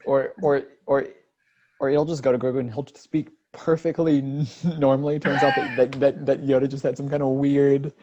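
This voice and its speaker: A man's voice: medium pitch, flat delivery, moderate pace, lo-fi sound, noisy background. A young man co-hosting a podcast in casual chat, rambling with many repeats and fillers. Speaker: podcast co-host.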